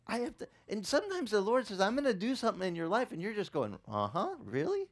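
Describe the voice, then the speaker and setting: A middle-aged male pastor delivers a sermon with lively, swinging pitch. He acts out the quotes and breaks into laughter as he tells the story. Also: fast.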